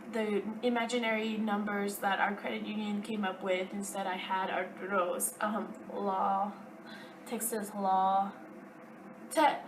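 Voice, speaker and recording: Ranting casually to camera about her job, a young woman uses plenty of fillers in a mid-range voice. She sits a bit far from the mic, and the background is noisy.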